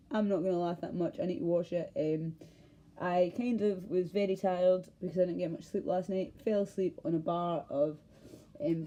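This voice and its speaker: A woman's voice: fairly low pitch, warm tone, dull audio. A Scottish woman ranting to camera in a heated, rambling way, swearing and cutting herself off mid-thought. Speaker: vlogger. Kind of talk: casual ranting monologue to camera.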